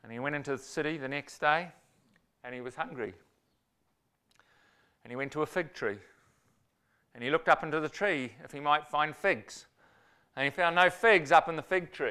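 A man preaching a sermon, telling stories in an animated way and acting out quotes with sudden loud bursts. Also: on the high side, clear, resonant tone.

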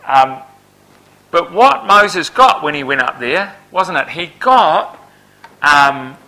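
A man preaching a Bible sermon who swells to loud, emphatic peaks and then drops back to a low, quiet delivery. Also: rough recording.

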